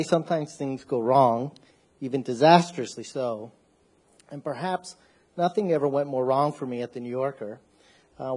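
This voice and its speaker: Mellow husky man telling a stage story. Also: medium pitch. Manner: measured, wry narrative delivery.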